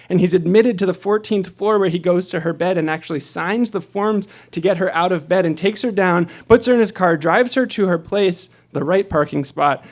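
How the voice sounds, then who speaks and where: Man from New York, live stage storyteller, slightly high voice, animated delivery in a comedy club. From New York City. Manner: animated, builds to loud laughing excitement.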